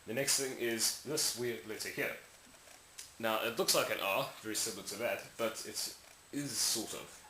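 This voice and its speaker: A man's voice: fairly low pitch, normal speed, bright, forceful tone. Rambling man explaining sounds, echoey room. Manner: rambling, self-correcting, demonstrating sounds aloud. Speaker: language tutorial maker. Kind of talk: casual explainer lesson. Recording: echoey room with faint hiss.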